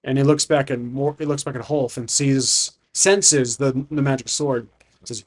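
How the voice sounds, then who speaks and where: A man's voice: medium pitch, moderate pace. A man talks through his solo tabletop game, narrating the scene and correcting himself as he goes. His voice sits in a middle register, and his delivery is loose and conversational. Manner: thinking aloud, frequent restarts and self-corrections; casual, conversational. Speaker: solo game master and player.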